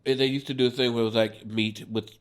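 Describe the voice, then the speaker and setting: A man in his forties, a stand-up comedian, telling a wild road story on a podcast in an animated, profane way and laughing as he goes. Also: medium pitch, quick pace.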